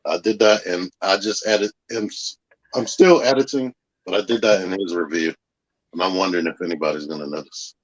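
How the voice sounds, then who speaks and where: A man speaking as a guest in a casual chat, relaxed and nonchalant, with dry sarcasm. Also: low voice, fairly quick, dry recording. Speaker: guest creator. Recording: dull lo-fi audio.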